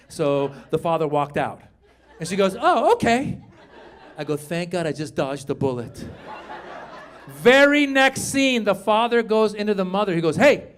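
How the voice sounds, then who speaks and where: A man from Iran performs stand-up with a high, lively voice, throwing himself into put-on characters. His delivery is animated, with drawn-out phrases in some bits and rapid chatter in others. A faint ambience hangs behind him. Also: slight background noise. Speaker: stand-up comedian. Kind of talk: stand-up comedy set. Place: comedy venue with live audience.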